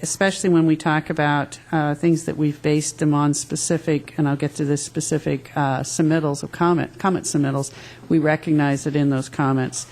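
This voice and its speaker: A woman on agency staff briefing a council at a public meeting, halting and often correcting herself as she explains the material. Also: sits low, a little mellow. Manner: halting, frequent restarts and self-corrections.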